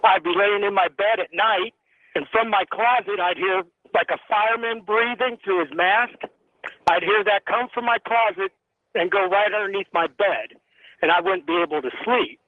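A man's voice: high voice, moderate pace, dry recording. A male caller from Tennessee on a radio phone-in, earnestly telling a ghost story with frequent ums. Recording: tinny phone line.

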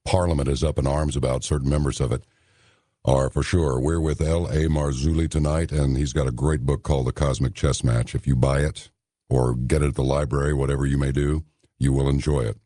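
A male radio host running a late-night interview, measured and pausing with "uh" a lot. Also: rumbling low, steady tone, dark tone, dry recording, studio quality. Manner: measured, with many "uh" pauses.

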